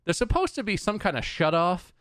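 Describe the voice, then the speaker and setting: Man, podcast host, higher voice, sarcastic, exasperated, swears, dry close sound. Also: big pitch swings, a little fast, a bit bright, no echo. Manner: exasperated, sarcastic, laughing through anecdotes; swearing freely. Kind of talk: casual storytelling chat.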